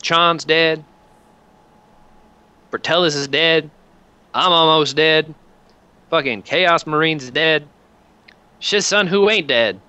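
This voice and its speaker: A man voicing a gruff, blunt Southern woman commander who swears freely and calls people honey and son, with a Southern accent. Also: a little high, slow, long pauses, sharp tone, no room sound, muffled recording, voice pushed up.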